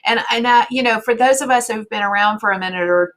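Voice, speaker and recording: A woman hosting a casual interview, chatty and given to asides, often trailing off softly at the end of a thought. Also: a little high, fast. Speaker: host.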